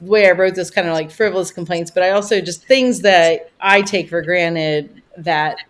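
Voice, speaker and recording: A woman talking as a podcast guest in casual conversation, chatty and rambling, with plenty of "you know" and animated retellings. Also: lowish voice, moderate pace. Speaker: podcast guest, vacation rental owner.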